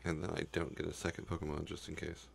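A man's voice: rumbling low, monotone, fast, creaky. A young man narrating his own video game run, cursing the game and talking in a frustrated, profane way. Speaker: gaming YouTuber. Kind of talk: profane Let's Play commentary.

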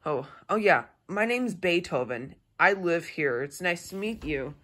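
Man doing an eager friendly male dog, slow and halting, improvised play scene. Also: fairly high pitch, animated, bright, forceful tone, full character voice. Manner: halting, improvised, full of restarts. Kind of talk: improvised toy role-play.

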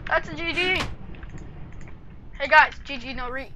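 A woman's voice: high voice, unhurried, noisy background. A woman giving cocky, trash-talking commentary over her own gameplay as host of a gaming channel.

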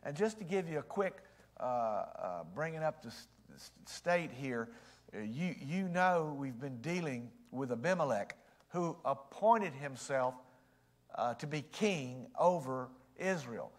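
A man's voice: mid-range voice, lively intonation, measured pace. A man preaching a sermon as pastor, in a folksy, joking way, his voice strained by allergies. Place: church sanctuary.

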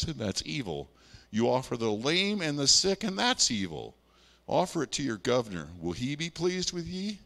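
A male pastor preaching with a lively, swinging pitch. He talks to the congregation in a folksy, conversational way, mixing scripture reading with homely asides. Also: creaky, in a large hall. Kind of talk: sermon.

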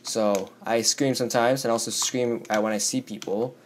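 A teenage boy with a hoarse, worn-out voice, rambling casually through a game commentary and jumping into yelps whenever something scares him. Keyboard typing clicks in the background as he plays. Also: medium pitch, steady tone, moderate pace, a little hiss or hum. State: hoarse from screaming. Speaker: gaming YouTuber. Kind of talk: Minecraft let's play commentary.

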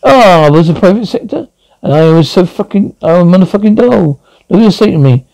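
A man's voice: high-pitched, expressive, a little fast, vocal fry, warm tone, low-quality recording. An actor playing a crude, blunt Glaswegian man in his fifties in a TV sitcom, talking in a coarse, brash way. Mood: grumbling. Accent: Glaswegian Scottish. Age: 50s. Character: crude, blunt middle-aged Glasgow man. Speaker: sitcom lead. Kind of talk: scripted TV sitcom acting.

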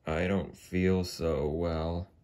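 A man's voice: deep voice, flat delivery, darkish tone, clean tone. A man voicing a sick male toy tank engine who groans and coughs through a cold. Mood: ill. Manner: slow, groaning delivery.

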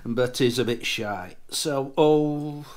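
A man's voice: medium pitch, takes it slowly. A tipsy man hosting a casual product review, boisterous and jokey, swearing freely as he chats. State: tipsy from drinking. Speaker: snuff reviewer, channel host.

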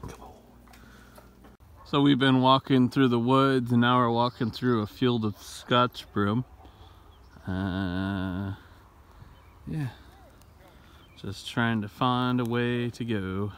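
A man's voice: mid-range voice, steady tone, takes it slowly, pauses often, a bit bright, clean tone. A man vlogging casually, playfully teasing his dog and laughing often. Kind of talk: casual vlog chat.

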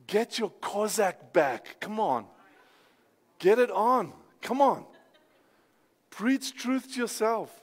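A man preaching a sermon as pastor, exhorting his listeners and rising to shouted declarations. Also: high-pitched, sing-song, takes it slowly, long pauses, big-room sound. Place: church sanctuary.

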